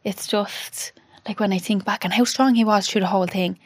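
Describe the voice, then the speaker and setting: A woman in her thirties, a podcast guest telling an emotional personal story. She talks haltingly, with restarts and quoted dialogue. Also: mid-range voice, steady tone, dry recording, studio quality.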